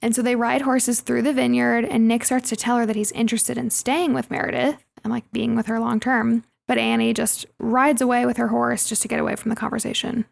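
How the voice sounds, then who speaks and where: Chatty young woman with a gravelly edge. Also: a little high, flat delivery, fairly quick, few pauses. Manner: chatty, laughs often, acts out quoted lines. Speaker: podcast co-host. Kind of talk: casual movie recap chat.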